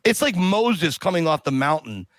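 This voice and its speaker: A man guest on a podcast, telling a long story in a casual, animated way and acting out the people in it. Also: a little high, normal speed, dry recording. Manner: animated, acts out quoted voices.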